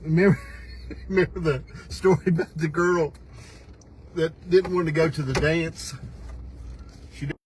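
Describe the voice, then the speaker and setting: Older male host, folksy and teasing, quick to laugh, slightly raised pitch, casual livestream chat with a faint background hiss. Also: steady tone, darkish tone, rough recording. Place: pickup truck.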